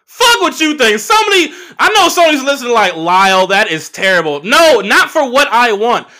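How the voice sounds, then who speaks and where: A man's voice: extremely high pitch, lively intonation, fairly quick, bright, forceful tone. A man in his early thirties with a Los Angeles accent, hosting a casual solo podcast and telling a rambling, profane story full of fillers. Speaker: podcast host.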